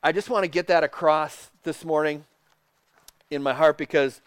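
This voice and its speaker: A man preaching a sermon, reading quotes aloud and dropping to a soft hush for tender passages. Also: a little high, steady tone, normal speed, clean tone, no echo, studio quality. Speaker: pastor.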